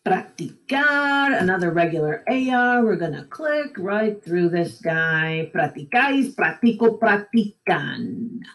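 A woman teaching a recorded Spanish lesson from home, slowly and deliberately drilling conjugations one by one. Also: mid-range voice. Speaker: high school Spanish teacher. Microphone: computer mic while screen recording.

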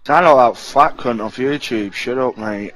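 A man's voice: medium pitch, normal speed, fairly bright tone, rough recording. A man swearing and scornful in game voice chat, hurling insults. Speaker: online game player.

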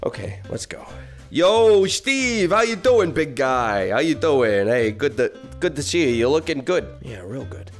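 A man's voice: medium pitch, animated, normal speed, few pauses, faint music behind. A man improvising a comedic dad role-play while playing a VR game, swinging between coaxing and panicked outbursts. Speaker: VR game streamer.

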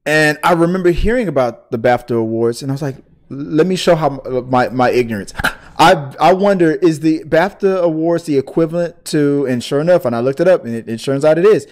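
A man's voice: fairly high pitch, brisk, hardly any pauses. A man from the United States co-hosting a casual talk show, rambling with many restarts. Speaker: podcast co-host. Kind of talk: casual chat.

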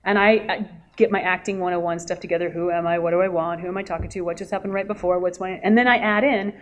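A woman voice actress on a convention panel, telling animated stories and acting out quotes with a laugh. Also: on the low side, quick pace. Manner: lively, acts out quotes and laughs often. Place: convention hall.

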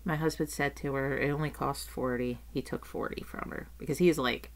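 A woman's voice: deep voice, moderate pace, few pauses. A middle-aged woman telling a story in a casual rant, swearing freely and acting out what people said. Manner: animated, swears casually, acts out quotes. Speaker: vlogger.

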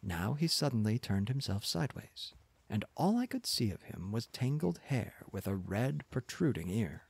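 A man softly narrating a classic novel in a calm, measured way. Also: mid-range voice, gravelly, slightly rough, no room sound. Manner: soft, unhurried, measured. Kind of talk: softly spoken audiobook narration.

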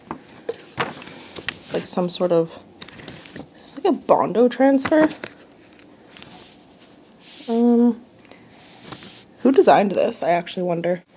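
A woman's voice: medium pitch, background noise. A young woman vlogging casually, muttering to herself as she unboxes things and cooing at her cats. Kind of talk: casual vlog chat.

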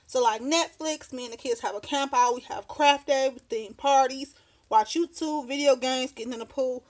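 At her home desk, a woman in her thirties who vlogs about crafts chats casually through a show-and-tell, rambling and laughing often while sounding slightly out of breath. She has a high voice.

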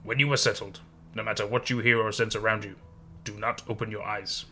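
A grim, commanding woman speaks in short, flat orders, as a male narrator puts her on. Her voice stays low and hushed, clipped and unbending. It sounds like a stern guide in a spoken horror tale. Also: a little fast, slight background noise.

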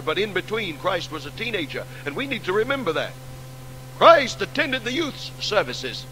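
A pastor preaching a sermon, repeating refrains, sinking quiet and then swelling into loud, rousing calls. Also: male voice, high-pitched, poor audio.

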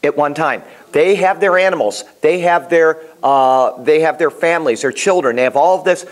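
A man teaching a Bible class in a casual, animated way, telling stories and often restarting his sentences. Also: a little high, moderate pace. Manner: animated, storytelling, repeats himself, many restarts.

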